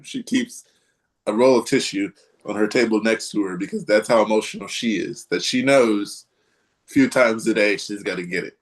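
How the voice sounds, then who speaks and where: A man's voice: fairly low pitch, steady tone, normal speed. A man hosting a casual live podcast chat, rambling and hesitant, with many ums and restarts. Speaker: podcast host.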